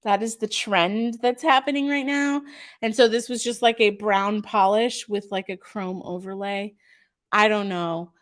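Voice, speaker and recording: A chatty woman hosts a casual live stream for her craft shop, gushing over each item and filling pauses with ums. Her voice sits at a middling pitch for a woman, and she talks straight to her viewers as she reads their comments aloud. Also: fairly even intonation. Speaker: craft shop owner hosting a live sale.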